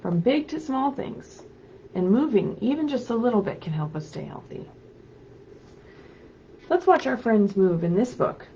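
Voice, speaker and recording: A woman librarian hosting story time, reading picture books aloud to children in an animated, sing-song way and prompting them to join in. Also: on the high side, unhurried, long pauses, lo-fi sound, slight background noise.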